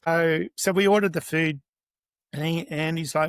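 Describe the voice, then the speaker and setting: Middle-aged guy on a podcast, kinda high voice, dry close sound, tells stories full of restarts. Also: a little fast, no room sound. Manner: animated anecdotes with many restarts. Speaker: guest chef. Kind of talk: podcast interview, storytelling.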